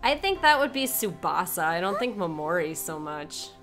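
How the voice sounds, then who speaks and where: A woman's voice: fairly low pitch, very animated, moderate pace, over music. A woman co-hosting a game stream, chatting casually, laughing often and reading character lines aloud. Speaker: let's play co-streamer. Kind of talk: casual gameplay commentary.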